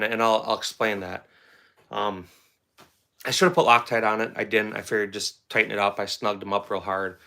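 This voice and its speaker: Middle-aged male host, bright tone, rambling casual storyteller who repeats himself. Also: on the low side. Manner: rambling, repeats words, conversational. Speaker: firearms channel host.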